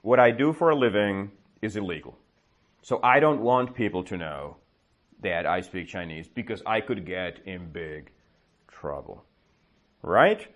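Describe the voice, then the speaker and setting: A man teaching English, telling a story slowly to a class and checking their understanding with quick questions. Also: low-pitched, expressive, fairly bright tone. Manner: slow, exaggerated storytelling with comprehension checks. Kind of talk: storytelling lesson with questions to learners.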